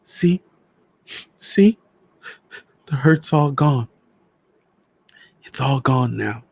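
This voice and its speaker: A man voicing a desperate young wife who pleads softly with her dying husband, in a storybook reading. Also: on the low side, steady tone, measured pace, slightly rough, no echo, voice pushed up. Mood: soothing.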